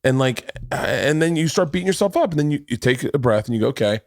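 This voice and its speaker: A man's voice: on the high side, animated, fast, creaky, darkish tone, no room sound, clean studio sound. A man in his forties hosting a podcast, telling rambling, self-deprecating stories full of restarts. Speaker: podcast host. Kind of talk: casual podcast conversation.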